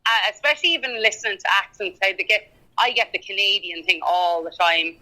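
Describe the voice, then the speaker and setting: Irish lady guest on a podcast, bright clear voice, chatty and laughy, lots of ums and likes. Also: medium pitch, rough recording. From Ireland. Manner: chatty, laughs often, halting with fillers. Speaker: guest singer-songwriter. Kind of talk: casual podcast chat.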